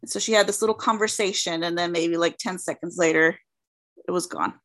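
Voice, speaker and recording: A woman's voice: on the low side, fairly quick, fairly bright tone. A woman co-hosting a podcast, telling a story in casual chat, full of fillers and quoted asides. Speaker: podcast co-host.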